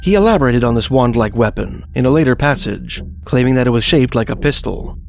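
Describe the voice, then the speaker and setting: Gravelly man narrating folklore. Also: mid-range voice, lively intonation. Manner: measured, reads quoted historical passages. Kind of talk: scripted documentary narration. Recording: faint background music.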